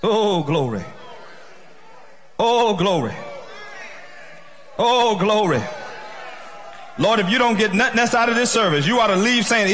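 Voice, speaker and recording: A male pastor preaching an exuberant sermon, shouting and laughing with speech. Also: high-pitched, expressive, measured pace, pauses often, a faint crowd, a little hiss or hum. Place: church sanctuary.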